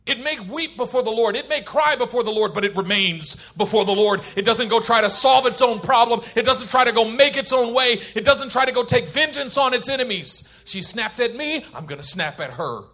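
A man preaching a sermon, shifting between loud emphasis and quiet intensity, and laughing as he tells a personal story. He grew up in Oakland, California. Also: extremely high pitch, fairly quick, hardly any pauses.

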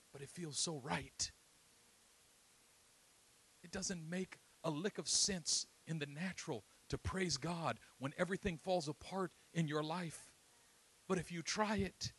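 A middle-aged man preaching a sermon, swinging between loud, soaring passages and quiet, hushed storytelling. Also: medium pitch, slight background noise, poor audio.

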